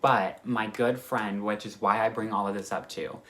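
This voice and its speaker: A man chatting excitedly as a cross-stitch vlogger, gushing about his stitching kits in a casual way. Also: lowish voice, normal speed. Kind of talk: casual chat.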